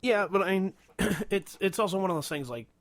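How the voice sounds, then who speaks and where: A man's voice: high-pitched, animated, fairly quick, slight background noise. A young man co-hosting a podcast, telling a long workplace story in casual, profane chat with many restarts. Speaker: podcast co-host.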